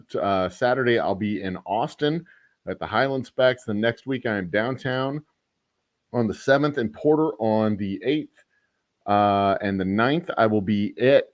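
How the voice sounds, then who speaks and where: A man's voice: fairly low pitch, no echo. A man hosting a podcast in casual chat, rambling and joking, often correcting himself mid-sentence. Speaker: podcast host and whiskey maker.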